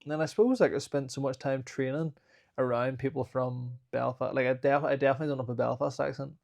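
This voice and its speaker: A fighter from Northern Ireland in his thirties chats casually as a podcast guest in an interview, calling himself a lazy talker who mumbles at times. His mid-range voice is steady in tone, fast, creaky, and a little mellow.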